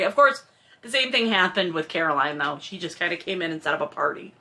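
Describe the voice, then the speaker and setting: A woman's voice: medium pitch, moderate pace, bright, forceful tone. A woman hosting a podcast, reading a novel aloud and breaking off into sarcastic, exasperated commentary full of swearing. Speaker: podcast host reading a book. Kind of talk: book reading with casual commentary.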